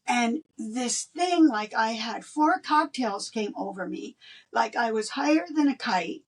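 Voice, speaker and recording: An older woman, a guest in an interview, telling a personal story in an animated way and laughing between lines. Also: fairly high pitch, measured pace, breathy edge, far from the mic.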